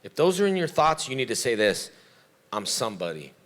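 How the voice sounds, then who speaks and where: A man with a bright, forceful voice, speaking as a guest on a convention panel. He answers fan questions like the karate teacher he is, giving motivational advice about self-belief. He switches into animated voices whenever he quotes someone. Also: fairly high pitch, fast talker.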